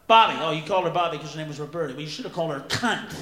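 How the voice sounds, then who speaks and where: A man performing a crude, ranting stand-up routine live, shouting at the audience. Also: sits high, expressive, very fast, few pauses. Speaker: stand-up comedian. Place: large venue with audience. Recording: roomy live recording with crowd and noise. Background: audience laughter.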